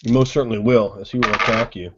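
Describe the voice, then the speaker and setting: A man narrates a tabletop horror game, drawing out his scene-setting in a brooding, deliberate way. His voice sits in a middle register, and the recording is dull and lo-fi. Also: mid-range voice, steady tone, heavy background noise. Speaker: game master.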